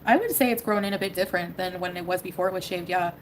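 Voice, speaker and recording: A woman from Canada chatting on her livestream, hedging and rambling as she talks. She speaks quickly. Faint noise hums in the background. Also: lowish voice, low-quality recording. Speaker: streamer. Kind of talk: casual livestream chat.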